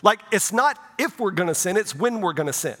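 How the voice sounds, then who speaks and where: Man, middle-aged pastor, sermon, conversational, high voice, long church reverb. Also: lively intonation, brisk, a bit bright. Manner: conversational preaching, often asks "right?". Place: church sanctuary.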